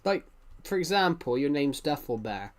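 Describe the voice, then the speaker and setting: A man's voice: a little high, very animated, normal speed. A young man chatting casually with viewers during a game live stream, rambling and often correcting himself. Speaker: livestreamer.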